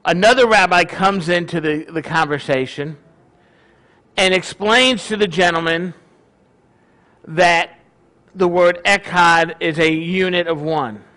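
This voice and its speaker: High, bright-voiced male rabbi preaching. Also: a little slow, pauses often. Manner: conversational, animated storytelling. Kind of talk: sermon with a personal story.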